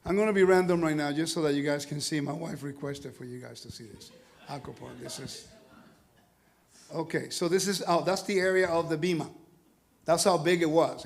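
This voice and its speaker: A man teaching a congregation, lively and animated, often asking his listeners questions. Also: on the high side. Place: congregation hall.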